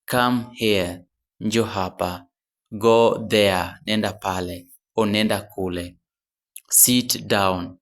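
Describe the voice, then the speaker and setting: Very slow, low-voiced male language teacher. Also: steady tone. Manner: repeats each phrase slowly, then gives the translation; corrects himself mid-phrase. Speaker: English teacher. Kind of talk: beginner language drill.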